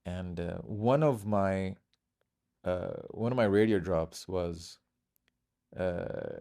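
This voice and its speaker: A man's voice: low-pitched, slow pace, pauses often, mellow. A middle-aged man from Bahrain, a comedian guest telling stories in casual chat and acting out the voices of people he quotes.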